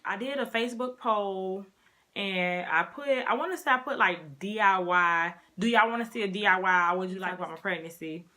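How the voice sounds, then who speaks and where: A woman's voice: mid-range voice, normal speed, pushed and bright. A woman in her twenties telling a casual storytime to her viewers, chatty and talking straight to them. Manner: chatty, addresses viewers as y'all. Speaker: vlogger.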